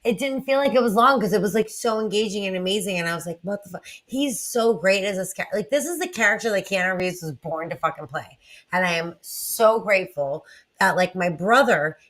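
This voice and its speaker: A young woman gushes excitedly on a casual chat show. She stammers, restarts and swears as she rushes to get her point across. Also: medium pitch. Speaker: co-host.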